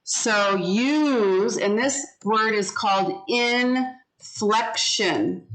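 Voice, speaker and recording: Woman teacher, unhurried, deliberate, speaking over a video call. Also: a little high, a bit bright, low-quality recording. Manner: slow, deliberate, models pronunciation. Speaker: English teacher. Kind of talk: online class teaching.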